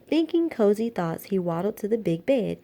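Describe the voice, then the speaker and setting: A woman reading a children's picture book aloud in a playful, expressive way. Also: medium pitch, normal speed. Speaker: storyteller.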